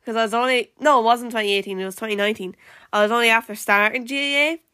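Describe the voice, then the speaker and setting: A woman's voice: fairly high pitch, fast talker, bright, forceful tone, clear, resonant tone, dry recording, clean studio sound. A woman with an Irish accent hosting a casual live-stream podcast, rambling along with lots of "like" fillers and restarts. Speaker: podcast host.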